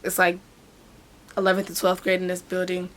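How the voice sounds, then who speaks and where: A woman hair braider telling a story in a casual, animated vlog. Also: on the low side, moderate pace, slight background noise. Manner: animated storytelling, talks with hands.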